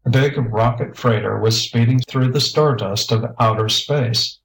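A male volunteer reader introduces a recording and starts a science fiction tale. His voice sits at a middle pitch. He reads in a plain, announcing way. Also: measured pace, creaky, a little hiss or hum, rough recording. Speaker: audiobook narrator. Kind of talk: scripted narration.

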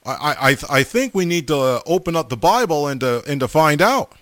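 A man's voice: a little high, animated, brisk, a bit bright, dry recording, clean studio sound. A man in his forties preaching a sermon, emphatic, with stammering restarts and repeated calls to his listeners.

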